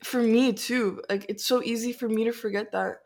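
Young woman with a congested voice, excitable podcast co-host, earnest and slangy. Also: on the high side, moderate pace. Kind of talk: casual faith podcast chat.

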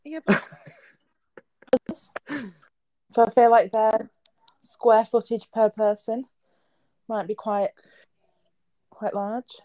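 A young woman from England chatting casually, giggly and quick-witted. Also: on the high side, steady tone, mellow, poor audio. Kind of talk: casual chat.

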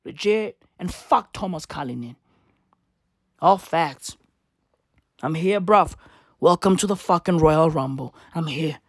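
A woman's voice: low-pitched, lively intonation, takes it slowly, long pauses, no room sound, studio quality. A woman doing a profane comedic rant, swearing freely and peppering lines with slang tags. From South Africa. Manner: swearing, ranting, keeps tossing in "right?" and "bruv".

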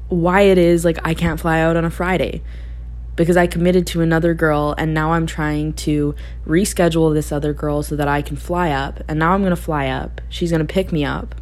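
A young woman with a low voice speaks candidly in a reflective personal monologue. She thinks aloud, restarts her sentences and laughs easily as she goes. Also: a little mellow. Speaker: podcast host.

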